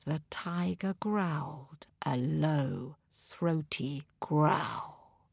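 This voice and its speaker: A woman narrating a children's story expressively and gently, speaking to young listeners. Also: sits low, extremely slow, vocal fry.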